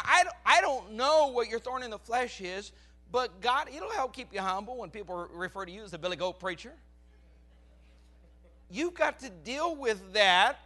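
A man in his forties preaching with a crackly, strained voice that sits high and bright. He delivers an animated sermon, pushing to loud emphasis as he drives his points home. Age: 40s. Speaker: pastor.

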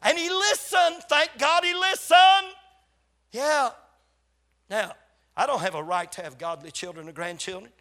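A man's voice: very high-pitched, a little slow, pauses often, pushed and bright. An older man, a pastor, preaching a sermon and telling stories, acting out quoted conversations with emphatic repetition. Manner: storytelling, acts out quoted dialogue with emphatic repetition.

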